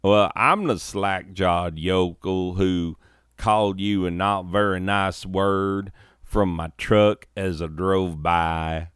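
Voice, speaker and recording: A man's voice: sits low, fairly even intonation, slow, fairly bright tone, clean tone, dry recording, clean studio sound. A man doing a drawling redneck yokel. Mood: sheepish. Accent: light Southern twang, put on. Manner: drawling, folksy. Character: slack-jawed redneck man, apologetic and awkward.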